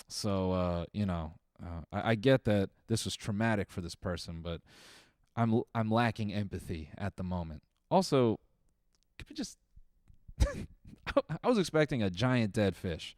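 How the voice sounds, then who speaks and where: A man's voice: fairly low pitch, darkish tone. A man hosting, riffing on viewer clips in wry, rambling comedic commentary full of fillers and restarts. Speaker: comedian host reacting to clips.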